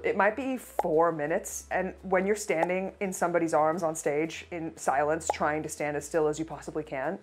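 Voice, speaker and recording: A woman's voice: lowish voice, darkish tone. A woman, hosting a casual baking tutorial, chatty and playful with jokey asides. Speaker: host of a baking show.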